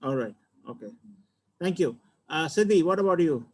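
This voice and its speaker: An acting teacher leads a discussion with his students. He is encouraging and keeps affirming their answers. His voice sits a little high for a man. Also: lively intonation, normal speed, a little mellow. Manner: encouraging, repeats okay and wonderful. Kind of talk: leading a class discussion.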